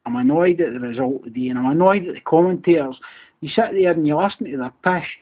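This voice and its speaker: A man's voice: a little high, fast. Sweary drunk Glaswegian man ranting. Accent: Scottish, Glaswegian. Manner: sweary, heated, repetitive. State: a bit drunk. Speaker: podcast host. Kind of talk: angry solo rant. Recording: tinny phone-quality recording.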